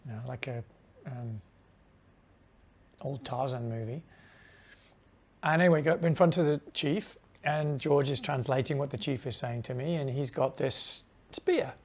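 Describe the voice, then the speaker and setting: Middle-aged man, travel vlogger, casual storyteller who acts out dialogue in hushed asides, mid pitch. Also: measured pace, pauses often.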